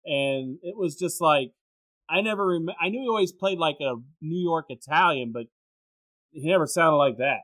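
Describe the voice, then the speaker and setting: A man's voice: on the high side, moderate pace, a bit bright. A man co-hosting a podcast in casual film-review chat, rambling, opinionated and profane. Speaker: podcast co-host.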